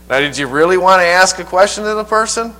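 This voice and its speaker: A man preacher teaching a Bible passage verse by verse in a folksy, halting way, often repeating his words. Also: high-pitched, bright, forceful tone, poor audio.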